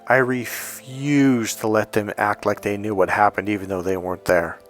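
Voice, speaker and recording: A man's voice: on the low side, fairly even intonation, normal speed. A man coaching on relationships, talking candidly in a casual monologue and acting out what other people said to him.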